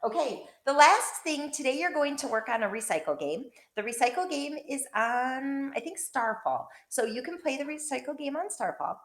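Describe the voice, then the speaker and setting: A woman's voice: sits high, lively intonation, moderate pace, hardly any pauses. A woman teacher giving a remote lesson to young children, encouraging and narrating as she writes and draws. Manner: encouraging, talks while drawing and pointing. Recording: echoey room.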